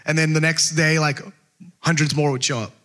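A man preaching a casual, conversational sermon, telling a personal story with lots of fillers and animated asides. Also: fairly high pitch, normal speed. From California. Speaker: pastor.

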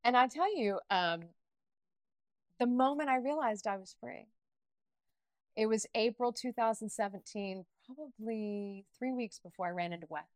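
A middle-aged woman talks candidly as an interview guest. Her delivery is animated and emotional, with many restarts and bursts of laughter. The sound is dry and close. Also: fairly high pitch, moderate pace, no room sound. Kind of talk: candid personal interview talk.

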